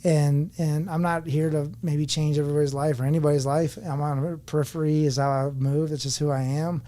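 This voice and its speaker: A man's voice: a little high, little pitch movement, brisk, warm tone. A man in his forties, a podcast guest, telling his story candidly in an earnest, reflective way. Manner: earnest and reflective, speaking openly about personal struggles.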